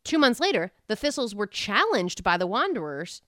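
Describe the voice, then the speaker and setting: A woman's voice: medium pitch, big pitch swings, fairly bright tone, dry recording, studio quality. A young adult woman co-hosting a podcast, chatting and riffing playfully. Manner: playful, riffing, quick asides. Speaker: podcast co-host. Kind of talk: casual comedic chat.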